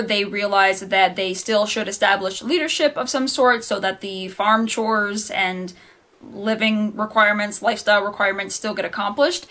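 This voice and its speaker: A woman's voice: medium pitch, a bit bright. A young adult woman chatting to camera in a casual book review vlog, rambling and laughing at her own slips. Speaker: book vlogger.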